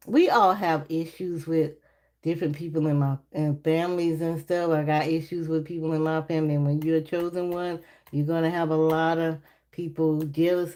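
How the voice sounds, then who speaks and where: A woman reading tarot on a casual live stream, chatty and laughing often as she talks to her viewers. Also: warm tone. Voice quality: naturally deep voice. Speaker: livestream tarot reader.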